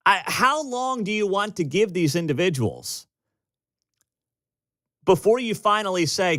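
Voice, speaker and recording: A man's voice: high-pitched, a little slow, long pauses, no echo. An American man hosting a talk radio show, delivering an emphatic, opinionated monologue. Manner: animated, emphatic, storytelling with acted-out quotes. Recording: dry studio mic.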